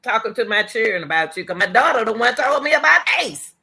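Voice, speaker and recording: Woman, middle-aged, commentary host, bright forceful voice, emphatic, repeats herself, calls on the Lord. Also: fairly high pitch, very animated, fast talker, slightly rough. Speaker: commentary host and track coach. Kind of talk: emotional commentary talk.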